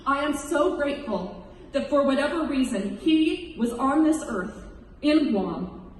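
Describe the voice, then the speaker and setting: A woman's voice: high-pitched, animated, measured pace, slight background noise. A woman in her thirties recounting her rescue to an audience, in an earnest, emotional storytelling manner. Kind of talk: personal testimony speech. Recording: echoey hall, distant mic.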